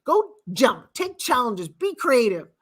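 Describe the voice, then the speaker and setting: A woman's voice: sits high, very animated, slow pace. A middle-aged woman giving a blunt, emphatic motivational talk as a guest speaker and mentor. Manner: blunt and emphatic, with sharp swings in loudness.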